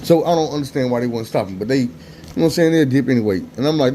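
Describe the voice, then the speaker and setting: A man's voice: medium pitch, rapid-fire. A man with a mid-range voice telling a personal story in a loose, slangy monologue. He repeats lines for emphasis and moves his delivery up and down as he tells it. Faint noise sits under the recording. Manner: animated, slangy and emphatic, with lots of repetition.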